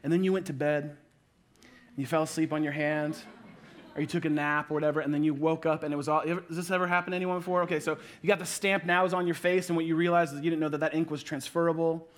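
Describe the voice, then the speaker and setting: A man in his thirties preaching a sermon, playful and storytelling, acting out little everyday scenes with quick asides. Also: fairly high pitch, level tone. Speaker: pastor.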